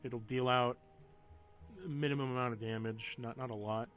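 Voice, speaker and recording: A man's voice: mid-range voice, fairly even intonation, moderate pace, phone-quality sound. A man running a tabletop game as game master, explaining the rules with hesitant fillers.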